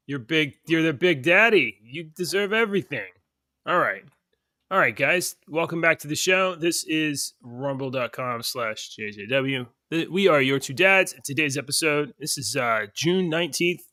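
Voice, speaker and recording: A man's voice: fairly high pitch, pushed and bright, dry recording, studio quality. A man hosting a podcast, giving casual, blunt, opinionated news commentary. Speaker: podcast host.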